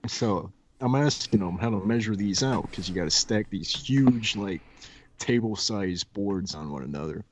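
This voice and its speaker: A man's voice: fairly low pitch, expressive, moderate pace, slight background noise. A young man guesting on a podcast, telling casual stories and acting out his old coworkers. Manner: laid-back storyteller, acts out coworkers with laughs. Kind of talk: casual chat, storytelling.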